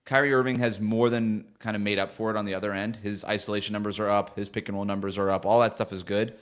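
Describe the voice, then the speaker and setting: A man's voice: fairly low pitch, little pitch movement, fast, clear, resonant tone. A man co-hosting a sports podcast, talking through team stats in a casual, analytical way and laughing easily. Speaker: podcast co-host.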